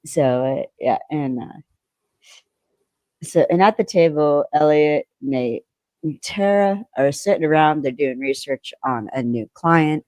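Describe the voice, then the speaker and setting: A woman co-hosting a podcast, recapping an episode in rambling casual chat and acting out quoted lines, clearing her throat now and then. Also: deep voice, lively intonation, measured pace, a little mellow, no echo. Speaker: podcast co-host.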